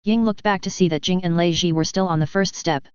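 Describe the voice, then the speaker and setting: A steady audiobook narrator reading a fantasy story in an even way. The voice is very smooth and sits at a middle pitch. The recording is dry and a little muffled. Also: a little fast, dry recording.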